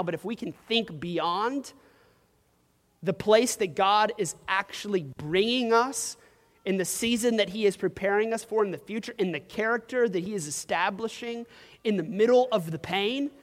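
Young man, high voice, casual rambling sermon delivery in a reverberant church hall. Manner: casual storytelling with frequent "like" and "um". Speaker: preacher.

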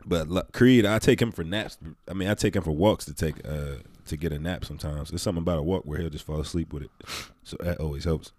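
A young man co-hosting a casual podcast chat, telling stories with animated, loud bursts when riled up. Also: sits low, fast talker, hardly any pauses, dry recording. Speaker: podcast co-host.

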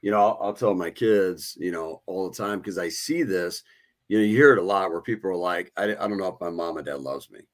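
A man's voice: low voice, brisk. A man hosting a podcast, telling earnest stories about his kids and youth sports in a casual way. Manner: earnest, storytelling. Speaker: podcast host. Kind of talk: casual conversation.

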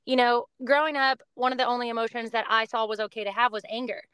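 A woman's voice: on the high side, steady tone, fast talker, fairly bright tone, clear, resonant tone, no room sound. A woman in her thirties, a podcast guest, talking earnestly and reflectively about faith and parenting in long, flowing runs. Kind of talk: casual faith-based conversation.

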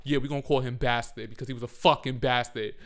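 Animated, profane young man telling a story. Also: mid-range voice, fast talker. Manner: profane, animated, laughs often. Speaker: storyteller, former after-school teacher. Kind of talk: casual storytime vlog.

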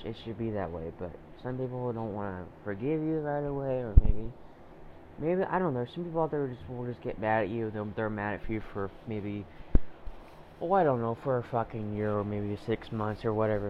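A man rants alone on his podcast, swearing freely and circling back to the same point with plenty of fillers. His voice sits at an ordinary pitch. The recording is a little dull, with faint ambience behind him. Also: slight background noise. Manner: rambling, profane, repeats himself, many fillers. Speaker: podcast host. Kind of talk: solo podcast rant.

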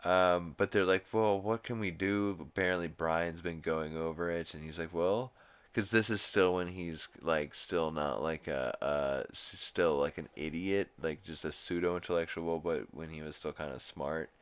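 Recapping a cartoon episode on his podcast, a man rambles casually, swears often and quotes the characters. He has a low, slightly bright, clean voice with fairly even intonation and a moderate pace.

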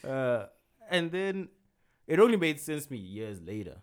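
A young man with a South African accent telling a story in a relaxed, casual chat, laughing loosely now and then. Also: mid-range voice, a little slow, clean tone.

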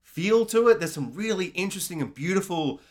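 Slightly high-voiced, hesitant podcast co-host man. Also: animated, fairly quick. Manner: hesitant, many fillers and restarts, dry teasing. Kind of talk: casual chat reviewing a TV show.

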